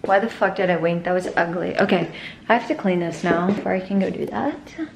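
This young woman's brisk, creaky, lowish voice fills a casual vlog as she talks to herself while getting ready, rambling and cursing liberally. She's indoors at home, and the roomy recording has background noise.

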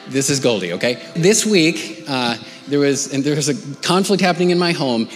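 Man, pastor, storytelling sermon, conversational, soft hushed moments, mid pitch, faint music behind. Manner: conversational, often checking in with "right?" and "okay?". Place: church service.

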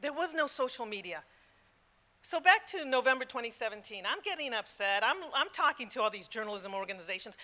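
Bright, emphatic woman speaker in her sixties. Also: fairly high pitch, expressive, brisk. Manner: emphatic, repetitive, switching between English and Spanish. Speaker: conference speaker. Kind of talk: passionate live talk. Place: conference room before an audience.

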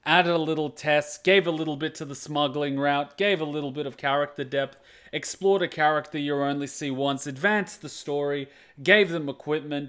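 A man's voice: fairly high pitch, fairly bright tone. A man hosting a reaction video, talking casually and earnestly about an episode in short repeated phrases.

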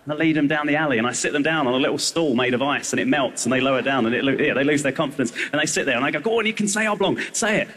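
A man's voice: mid-range voice, rapid-fire, hardly any pauses, a bit bright, in a large hall. A man doing surreal stand-up comedy, bantering playfully with the crowd and slipping into silly voices.

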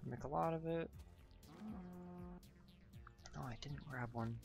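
A young man talking through his game in a loose, jokey ramble, drifting off topic and back again. His voice sits at an ordinary middle pitch, with soft music in the background. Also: takes it slowly, vocal fry. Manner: goofy, rambling and jokey, loses his train of thought. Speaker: gaming channel host. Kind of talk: gameplay commentary.

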